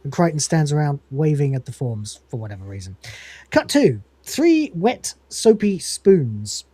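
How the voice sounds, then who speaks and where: A man's voice: fairly high pitch, very animated, measured pace, warm tone, no room sound. A man hosting a podcast, recapping an episode in a rambling, casual way and acting out the lines. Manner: rambling, laughs often, acts out quotes. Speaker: podcast host.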